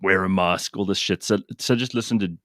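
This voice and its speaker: A man's voice: low voice, fairly quick, fairly bright tone, no room sound, studio quality. A man hosting a radio show from South Africa, chatting casually and with animation.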